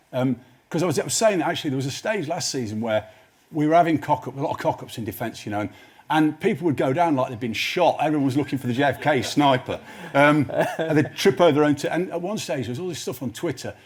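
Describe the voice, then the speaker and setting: A husky-voiced man tells long, meandering stories as a guest on a live studio chat show. He stumbles over his words and restarts his sentences as he goes. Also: fairly high pitch, expressive, fast talker. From Nottinghamshire, England. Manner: rambling, self-interrupting storyteller. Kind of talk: anecdotal chat show interview.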